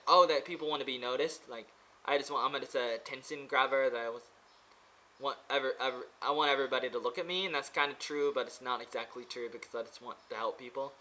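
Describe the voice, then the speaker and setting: A man's voice: medium pitch, bright, forceful tone, poor audio. A man vlogging from a pagoda in a rambling, casual monologue. He hesitates often, with many fillers and restarts.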